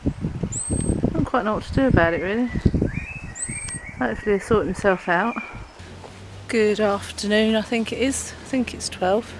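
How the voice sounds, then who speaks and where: A woman's voice: moderate pace, long pauses. Woman vlogger, casual and rambling, filmed on a phone outdoors with light background noise. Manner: chatty, rambling, talks to her dog in a high sing-song voice. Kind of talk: casual chat to camera. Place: outdoors walking a dog.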